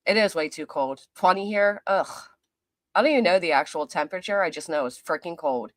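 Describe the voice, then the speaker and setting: A woman's voice: lowish voice, animated, fast talker, no room sound. Woman livestream host, casual and chatty, roll-call greetings, dry close sound. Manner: chatty and friendly, reading out viewer names. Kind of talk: casual chat greeting live viewers. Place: apartment.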